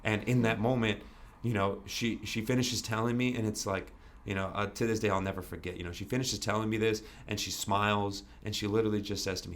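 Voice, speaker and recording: A man's voice: on the low side, fairly even intonation, brisk. A man as a podcast guest, talking candidly and earnestly, repeating himself with many "you know"s and casual swearing. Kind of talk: candid interview conversation.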